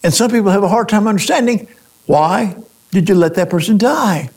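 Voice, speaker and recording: A male pastor with a high, gravelly voice preaches in a searching way, firing off rhetorical questions and often stopping to restart a phrase. He is brisk, with a darkish tone.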